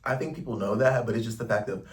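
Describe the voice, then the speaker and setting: A man's voice: lowish voice, quick pace, recorded from a distance. A young man from the United States talking casually to camera in a rambling, slangy travel vlog. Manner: chatty, rambling, slangy, lots of "like". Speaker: travel vlogger. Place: indoors in a Paris lodging.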